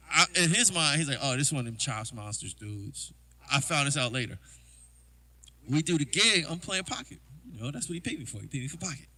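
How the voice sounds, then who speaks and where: A man, a drummer, chatting to his livestream audience and telling loose, rambling stories about past gigs, full of "you know" asides. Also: on the high side. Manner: acts out quoted exchanges in a hushed voice. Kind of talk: casual livestream storytelling.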